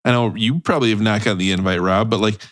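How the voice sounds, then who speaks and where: A man's voice: lowish voice, fast. A man co-hosting a comedy podcast, teasing the others in casual banter. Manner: teasing, incredulous reactions. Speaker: podcast co-host.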